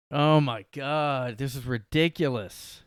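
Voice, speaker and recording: A man's voice: mid-range voice, clear, resonant tone, no echo, clean studio sound. A man hosting a solo podcast from his room, rambling sarcastically and saying "like" a lot. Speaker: podcast host. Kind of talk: casual solo podcast rant. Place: his bedroom.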